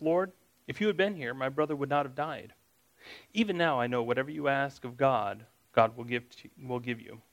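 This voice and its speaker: A Bible teacher leads a study conversationally, reading passages aloud and then unpacking them with casual asides and questions for his listeners. His voice is mid-range and a bit bright, and the audio is poor.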